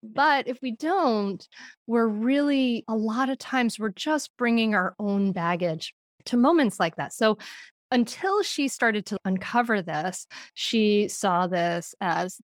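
A middle-aged woman speaking as a podcast guest on parenting, telling stories in an animated way and laughing often. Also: a little high, slow, dry recording, clean studio sound. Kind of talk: conversational interview.

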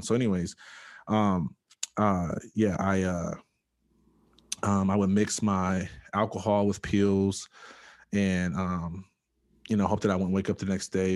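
A young man giving a personal testimony in an interview, earnest and halting, with many fillers and pauses. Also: deep voice. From Michigan. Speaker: interview guest.

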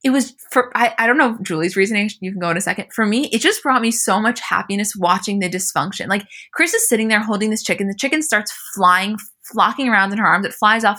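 A young woman co-hosts a casual podcast recap and tells the scenes with a bright, forceful voice. She acts out the quotes animatedly, with her voice lifting when she plays the people in them. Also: medium pitch, fast, hardly any pauses. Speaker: podcast co-host. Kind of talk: casual chat recapping a reality show.

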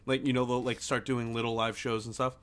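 A young man co-hosting a podcast, telling stories in a profane, excitable casual chat. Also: medium pitch, fairly quick. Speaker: podcast co-host.

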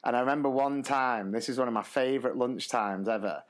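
A man co-hosting a podcast, telling staff room stories in a lively, animated way. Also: medium pitch, a little fast. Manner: animated storyteller who acts out other people's voices. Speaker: podcast co-host, primary teacher. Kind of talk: casual storytelling chat.

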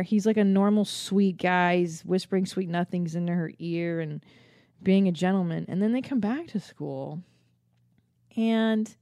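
Rambling, profane woman podcaster, warm tone. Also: mid-range voice, creaky, no room sound, studio quality. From Los Angeles area. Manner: rambling, profane, self-mocking. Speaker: podcast host. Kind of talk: casual comedic monologue.

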